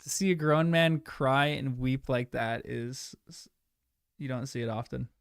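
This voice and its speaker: A young man talking casually to his live viewers as he watches a film. His voice is gravelly and the sound is dry, with no room around it. He talks openly and emotionally, drifting into soft, rambling asides. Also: medium pitch, a little slow, no room sound. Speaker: streamer watching a movie with chat.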